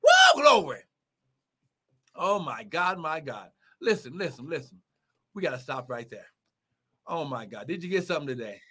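A man's voice: mid-range voice, lively intonation, normal speed, a bit bright, breathy edge. A man preaching a livestreamed sermon with fervent exclamations and repeated phrases.

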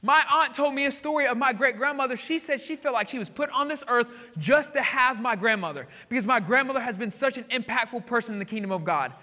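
Excitable guy preaching, high bright voice, lots of hall echo, goes loud then hushed. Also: fast talker, hardly any pauses. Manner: excitable, swings between loud exclamations and hushed asides. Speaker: pastor. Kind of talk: sermon. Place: church sanctuary. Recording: hall reverb.

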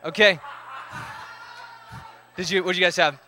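A man's voice: high voice, steady tone, a little slow, pushed and bright. A man, leading a live group game, upbeat as he calls out counts and instructions.

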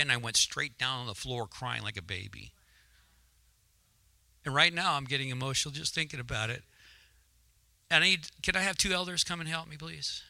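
A man's voice: fairly high pitch, creaky, sharp tone, dry recording. A man preaching a sermon testimony, turning emotional and building to fervent, rising exclamations. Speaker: guest preacher. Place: church sanctuary. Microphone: handheld mic, at times held away.

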